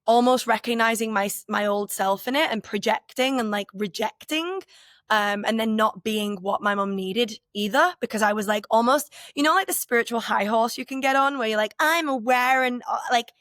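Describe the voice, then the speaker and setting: A woman's voice: a little high, normal speed, a bit bright, no echo, clean studio sound. A woman in her thirties co-hosting a podcast, talking in a candid, rambling and emotionally open way, full of filler words. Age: 30s. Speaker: podcast co-host. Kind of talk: casual reflective conversation.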